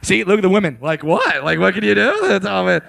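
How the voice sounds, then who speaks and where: A man's voice: sits high, fast talker, gravelly, a bit bright, no echo. A man doing a stand-up set, brash and crude, working the crowd and teasing audience members from the stage. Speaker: stand-up comedian. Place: on stage at a comedy club.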